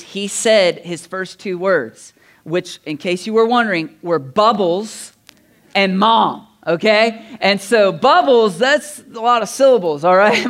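A man pastor telling stories to his church in a lively, conversational sermon with asides and chuckles. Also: sits high. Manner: animated, conversational storytelling with laughs and asides. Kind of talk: sermon storytelling.

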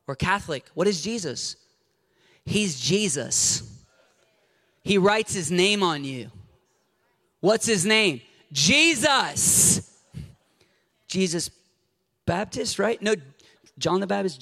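A man in his thirties delivers a fervent sermon in a bright, ringing voice pitched a little high. He swings between shouted passion and quiet, confiding storytelling. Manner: impassioned, builds to shouting then drops to quiet storytelling. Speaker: preacher.

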